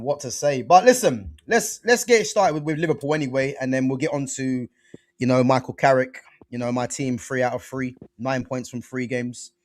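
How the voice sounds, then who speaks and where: A man hosting a casual football chat show, animated and slangy, full of fillers and restarts. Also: medium pitch, no room sound, studio quality. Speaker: football podcast host.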